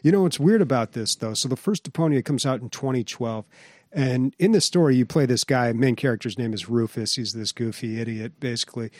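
A man's voice: medium pitch, brisk, darkish tone, no echo. Dry-sounding man in rambling casual chat. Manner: rambling, trails off and restarts. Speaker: podcast co-host. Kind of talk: casual chat about games and movies.

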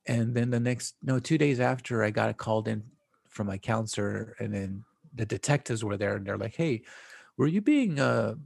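Gravelly husky male podcast guest. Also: lowish voice, lively intonation, moderate pace, darkish tone, no echo, studio quality. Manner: rambling storyteller, swears, mixes in Spanish slang. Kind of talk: casual chat.

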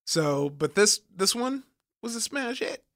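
A man's voice: high voice, very animated, unhurried, a bit bright, dry recording, clean studio sound. A man in his thirties co-hosting a podcast, retelling facts in casual chat and laughing often. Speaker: podcast co-host.

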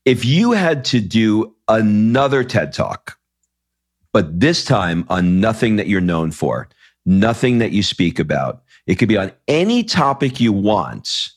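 A man's voice: on the low side, sing-song, measured pace, breathy edge. A man hosting a podcast interview, telling stories casually with many restarts. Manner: rambling storyteller, many restarts. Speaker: podcast host.

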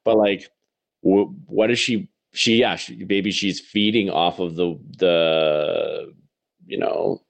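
A man's voice: low-pitched, fairly even intonation, takes it slowly, creaky. A man in a casual podcast conversation, agreeable and often chiming in with short affirmations.

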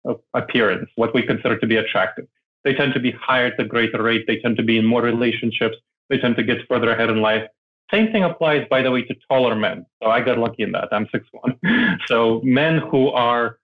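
A man from Moldova, explaining ideas as a guest in an interview, often adding "right?". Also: mid-range voice. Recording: phone-like line.

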